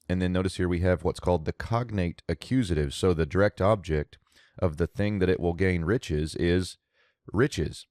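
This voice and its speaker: A man with a very low voice walks through a Hebrew verse word by word, explaining the grammar methodically and pausing to think aloud. The recording is dry and close, with no room sound. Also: lively intonation, a little mellow, no echo. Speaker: Biblical Hebrew teacher.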